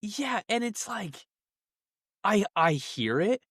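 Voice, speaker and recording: A young man chatting as a podcast co-host, his voice swinging up and down as he talks. He is animated, laughs easily and drops quick asides. The sound is dry and close, with no room echo. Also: high-pitched, breathy edge. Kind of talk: casual chat.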